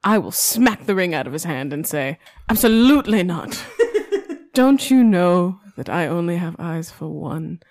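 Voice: medium pitch, lively intonation, unhurried, a little mellow, no room sound, studio quality. A player voicing a vain, scheming young nobleman who gives haughty orders about a staged proposal. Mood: gloating. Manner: haughty, commanding, stifles giggles. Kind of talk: tabletop role-play in character.

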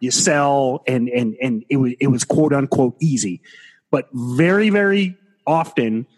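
A man with a husky, mid-pitched voice explains things patiently in a podcast chat. He coaches in a loose, friendly way, wearing headphones on a call. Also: a little slow. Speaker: podcast co-host, trading coach. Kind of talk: casual chat.

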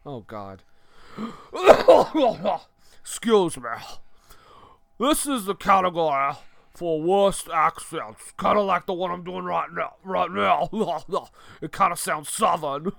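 A man's voice: high-pitched, slow pace, vocal fry, sharp tone, exaggerated voice. A man voicing a jowly British man whose accent slides toward southern, fumbling and laughing as he goes. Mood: flustered.

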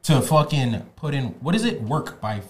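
A man's voice: medium pitch, sing-song, normal speed. A young man co-hosting a casual group podcast, blunt, provocative and insistent. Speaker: podcast co-host.

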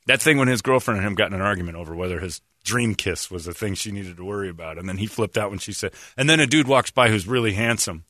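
Animated bright-voiced man riffing on radio. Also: fast, few pauses, no echo, studio quality. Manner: animated, laughing, jumps into mocking high-pitched quoted voices. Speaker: radio show host. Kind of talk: casual comedic talk radio banter.

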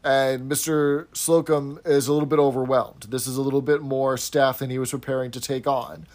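A man co-hosting a podcast in casual chat, brisk and dry, dropping short interjections and corrections. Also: mid-range voice, little pitch movement, darkish tone. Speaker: podcast co-host.

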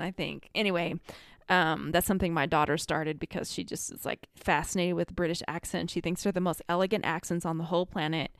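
A woman's voice: lowish voice, steady tone, brisk, clear, resonant tone, no echo, clean studio sound. A woman from the United States, an energy healer, giving earnest, conversational advice with many fillers. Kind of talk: casual advice monologue.

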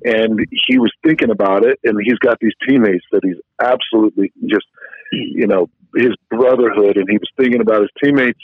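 A man's voice: medium pitch, very animated, a little fast, vocal fry, breathy edge, no room sound, narrow, tinny audio. A man hosting a sports radio show who tells stories about his co-host in a teasing, casual way. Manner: teasing storyteller.

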